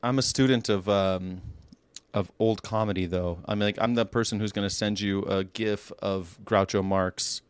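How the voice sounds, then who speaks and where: A man's voice: on the low side, fairly even intonation, normal speed, smooth, no room sound. A man from California hosting a podcast, chatting casually in a meandering way that often breaks off and restarts. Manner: meandering, self-interrupting talk. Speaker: podcast host.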